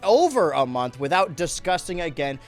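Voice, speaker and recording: A young man hosting a joke news show, with a jokey, excitable mock-newscaster delivery. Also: a little high, moderate pace, soft background music. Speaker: host.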